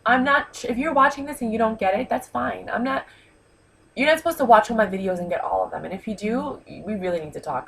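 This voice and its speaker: A woman's voice: medium pitch, vocal fry, low-quality recording. Tearful New woman vlogging. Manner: heartfelt, rambling, many ums and you-knows. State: close to tears. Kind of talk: emotional personal vlog monologue. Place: New York.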